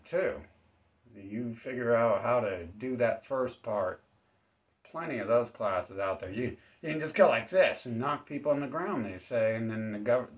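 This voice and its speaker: A man hosting his own channel, giving a rambling deadpan comedic monologue that sometimes jumps into high-pitched acted-out voices. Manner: acts out exchanges with sudden high-pitched voices; laughs at his own dark jokes. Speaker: self-defense channel host. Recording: slightly dull, lo-fi recording.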